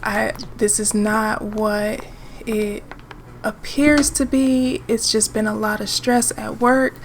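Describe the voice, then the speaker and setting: A woman's voice: mid-range voice, steady tone, slow, slight background noise. A woman quoting a pleading, sorry young fiancée. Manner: apologetic, pleading.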